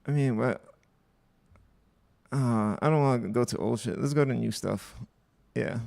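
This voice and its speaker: Young man, gravelly voice, blunt profane livestream host, dry close sound. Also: mid-range voice, unhurried, a little mellow, no echo. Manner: blunt, profane, offhand asides. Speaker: livestream host reading posts. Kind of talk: casual livestream commentary.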